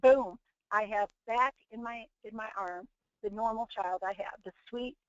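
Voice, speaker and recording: A woman's voice: fairly high pitch, unhurried, no room sound. Middle-aged woman preaching on a dull webinar line. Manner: earnest, preachy, many restarts. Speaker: webinar host and team leader. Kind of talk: motivational webinar talk. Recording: dull, dry lo-fi webinar audio.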